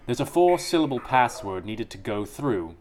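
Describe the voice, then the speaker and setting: A man reading the lines of a cold, vengeful exiled sorceress in a slow, deliberate, menacing way. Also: mid-range voice, sing-song, darkish tone, a little hiss or hum, lightly acted. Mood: scheming.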